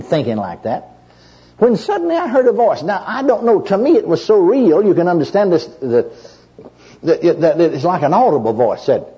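Husky raspy preacher man, mellow dark tone, folksy storytelling sermon, dull lo-fi recording. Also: fairly high pitch. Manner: folksy storyteller, repeats "you know", restarts often. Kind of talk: sermon with personal testimony.

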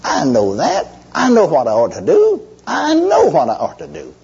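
A man acting out a weeping, trembling grown man who refuses to change, speaking in a high, quavering, tearful voice. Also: wildly swooping pitch, moderate pace, gravelly, a little mellow, breathy edge, lo-fi sound, heavily acted. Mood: tearful, stubborn.

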